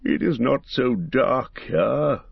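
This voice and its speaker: A man voicing a frail, weary old king who speaks slowly and haltingly. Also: medium pitch, animated, creaky, slightly rough, no echo, exaggerated voice. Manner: slow, faltering. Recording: dull dry lo-fi recording.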